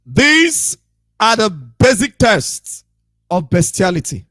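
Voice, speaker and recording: High, bright-voiced preaching man. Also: big pitch swings, takes it slowly, no room sound, studio quality. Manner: repetitive, emphatic, scolding. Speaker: radio broadcaster. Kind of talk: preaching monologue.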